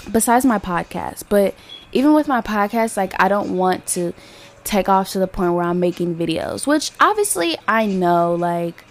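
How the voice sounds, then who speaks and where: A woman's voice: medium pitch, lively intonation, normal speed. A young woman hosting her own podcast, talking candidly and rambling with lots of fillers and swearing. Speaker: podcast host. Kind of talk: casual solo podcast monologue.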